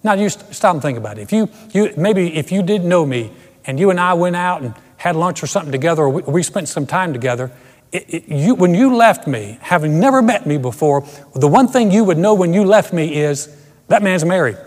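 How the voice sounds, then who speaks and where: A man's voice: on the high side, lively intonation, fairly quick, a little mellow, in a large hall. A middle-aged man preaching a sermon as pastor, earnest and emphatic, often restarting his phrases. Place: empty church auditorium.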